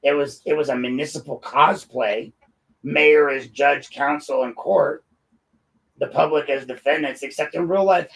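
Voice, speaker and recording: A man's voice: medium pitch, creaky, rough recording. A man hosting political commentary, combative and sarcastic, talking straight at his critics. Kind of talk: opinionated commentary.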